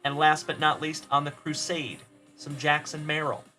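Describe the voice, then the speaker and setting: Faint music plays behind this card break host, whose voice sits a little high with little pitch movement. He talks at a moderate pace in a sharp tone, cheerfully greeting viewers by name in livestream shout-outs as he opens cards.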